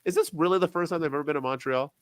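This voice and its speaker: A young man co-hosting a casual wrestling podcast, talking with sarcasm and swinging between loud bursts and quiet asides. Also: on the high side, racing, no echo. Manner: animated, sarcastic, jumps between loud and soft. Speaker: podcast co-host.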